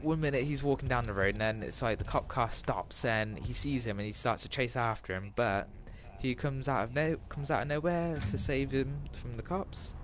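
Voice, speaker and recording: A man's voice: mid-range voice, moderate pace, hardly any pauses. A man gives casual gameplay commentary, retelling a film in a rambling way full of restarts and asides. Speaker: gamer retelling a film while playing. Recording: loud car and game noise behind.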